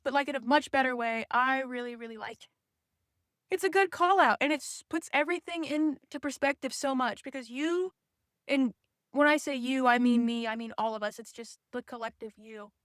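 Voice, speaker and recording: A woman's voice: high voice, fairly bright tone, no echo, studio quality. A young woman vlogging in a casual, candid ranting way, often saying "like" and slipping into mocking voices. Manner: says "like" often. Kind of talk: casual chat.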